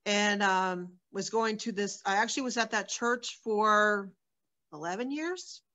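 A woman telling her own life story as an interview guest, candid and earnest. She talks at a middle pitch and loosely, with plenty of fillers and restarts. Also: unhurried, bright, forceful tone. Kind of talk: sharing a personal testimony.

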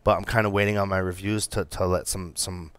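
A middle-aged man co-hosting a casual podcast, talking excitedly with many restarts and fillers. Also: low-pitched, fairly quick, clean tone, dry recording. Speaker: podcast co-host reviewing cigars. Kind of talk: casual chat.

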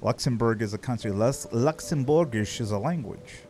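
A man's voice: medium pitch, normal speed, darkish tone, a little hiss or hum. A man chatting casually on a live game stream, playful and joking, swearing freely. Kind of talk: casual live-stream chat while gaming.

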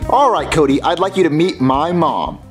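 A man voicing an excitable, bratty boy turtle in a puppet comedy skit, squeaky and stammering. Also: moderate pace, faint music behind, natural voice. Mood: bragging.

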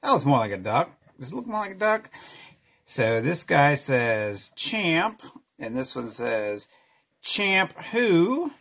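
A man's voice: mid-range voice, animated, unhurried, gravelly, a bit bright. A middle-aged man chatting casually through a drawing tutorial, self-deprecating and chuckling as he goes. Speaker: children's author drawing a comic.

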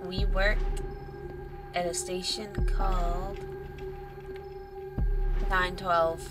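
Woman gaming host, slow jokey horror-game commentary with swearing, music behind. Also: lowish voice, level tone. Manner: crude, joking, reads game text aloud. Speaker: gaming YouTuber.

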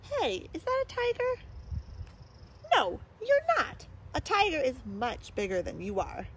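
A woman's voice: high voice, huge pitch swings, measured pace, fairly bright tone, slight background noise, voice pushed up, heavily acted, poor audio. A woman voicing a teasing jungle animal that mocks a little mouse, in a storybook read-aloud. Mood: mocking. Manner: mocking, scoffing.

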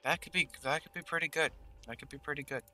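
A gaming channel host gives casual gameplay commentary, thinking aloud and murmuring game text as he plays. His voice is a little high and sharp, his pace quick, with soft music in the background.

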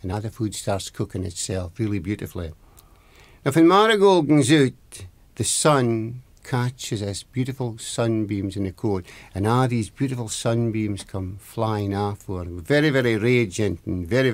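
A man's voice: fairly low pitch, lively intonation, normal speed, no echo. A man with an Aberdeen Scottish accent telling a traditional folk tale, lilting and repeating words for emphasis. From Scotland. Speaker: storyteller.

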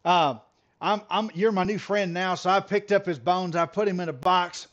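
A man's voice: sits high, normal speed, a bit bright, highs cut off, pitched above the performer's own voice. A man voicing a very old, nearly toothless country man who drawls and stammers through a rambling answer.

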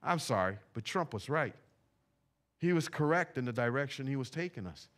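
In a church sanctuary, a male pastor delivers his sermon at a moderate pace in an expressive, mid-range voice with a fairly bright tone. He keeps it casual and conversational, using slang and repeating phrases.

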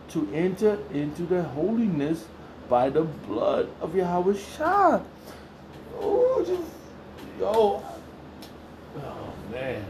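A man reading and preaching from the Bible at home in an informal way. He rambles and repeats himself, swings between loud exclamations and low muttering, and talks in a crude, heated way. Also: slight background noise. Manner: repeats phrases, restarts often.

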